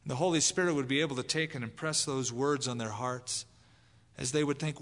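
A man preaching an evangelistic sermon, lively and dramatic, acting out quoted voices. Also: medium pitch, brisk. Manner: animated, acts out voices in quotes. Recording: long hall reverb.

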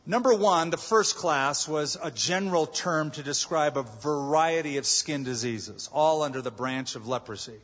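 Male pastor, sermon, slightly high voice, breathy; dull recording in a big reverberant hall. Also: moderate pace, hardly any pauses. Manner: animated preaching, acting out voices and shouts. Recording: dull, echoey large hall.

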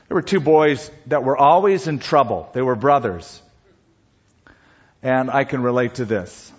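A man preaching a sermon as pastor, telling stories in an unhurried way with pauses. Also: mid-range voice, husky. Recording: dull lo-fi recording.

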